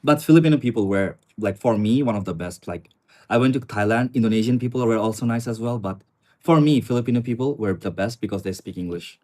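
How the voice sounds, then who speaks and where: A young man from China talks quickly in a fairly low, slightly mellow voice while chatting casually on a live stream. He's in a small studio apartment with a view of the river, calling his viewers "guys" and responding to chat as he goes.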